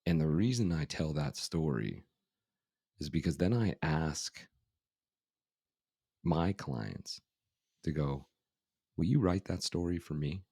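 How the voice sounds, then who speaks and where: A middle-aged man with an extremely low voice, husky and gravelly at the bottom. He talks through a story in a relaxed podcast manner, dotting it with "you know" and "right?". The sound is dry and close. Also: no room sound. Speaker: guest, life coach.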